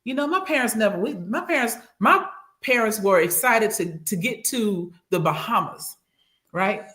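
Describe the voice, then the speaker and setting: A woman recounting a personal trip in casual podcast chat, animated and acting out what others said, on a studio microphone. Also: medium pitch, normal speed. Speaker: regular co-host and guest.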